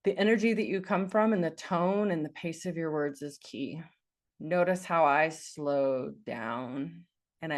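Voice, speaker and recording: A woman life coach giving an earnest, encouraging talk, repeating phrases for emphasis. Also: low-pitched.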